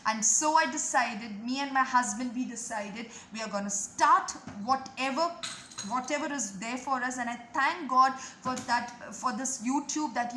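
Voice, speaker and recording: High-voiced woman preaching fervently. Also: sharp tone, reverberant, a little hiss or hum. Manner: fervent, repetitive exhortation. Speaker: preacher and online video host. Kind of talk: devotional sermon and prayer.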